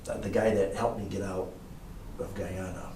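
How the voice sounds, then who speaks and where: Here the former motel owner, an older man, speaks in a low, mellow voice with a steady tone and moderate pace. He's an interview guest telling rambling, filler-heavy anecdotes in a relaxed storytelling conversation. Sound is captured from a distance in an echoey room, with a faint hiss underneath.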